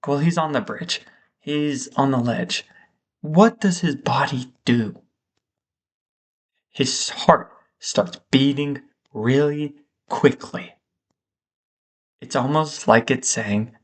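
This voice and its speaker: A man thinking aloud in a reflective vlog monologue, slow and halting, with frequent pauses. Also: medium pitch, breathy edge. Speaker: vlogger.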